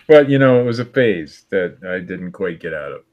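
A man's voice: deep voice, highs cut off. A man in his fifties co-hosting a podcast, bantering stubbornly and laughing often. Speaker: podcast co-host. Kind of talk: casual banter.

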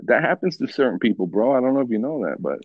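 A man's voice: medium pitch, very animated, fast, husky, no echo, dull audio. A man hosting a podcast in casual, laid-back chat, swearing often and calling people bro and dude. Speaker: podcast host.

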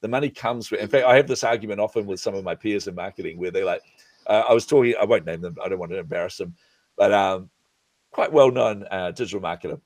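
Fast and fairly low-pitched, with no echo, a middle-aged business coach talks casually as a podcast guest, bringing his stories to life by acting out the quoted lines.

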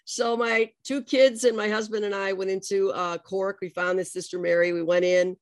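Casting note: middle-aged woman guest, vivid storyteller, dry close sound, lively delivery. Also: mid-range voice, normal speed, no room sound. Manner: lively, animated retelling with acted-out quotes. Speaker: guest, adoptee telling her story. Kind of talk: personal storytelling in conversation.

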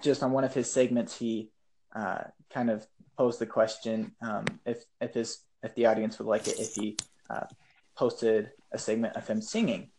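A man chatting as a guest on a podcast, hesitant and filling pauses with ums. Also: fairly low pitch, little pitch movement, noisy background. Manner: hesitant, lots of ums, laughs easily. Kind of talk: casual chat.

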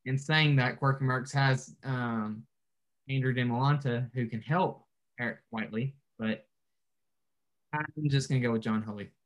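Man co-host, hesitant and mid-pitched. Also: fairly even intonation, a little slow, lo-fi sound. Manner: hesitant, thinking aloud. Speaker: podcast co-host. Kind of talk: casual chat.

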